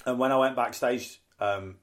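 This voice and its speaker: A man's voice: medium pitch, moderate pace, a bit bright. Man telling wrestling anecdotes. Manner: chatty anecdotes, acts out quoted voices, frequent "um". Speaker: podcast host, wrestling promoter and announcer. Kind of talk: casual podcast storytelling.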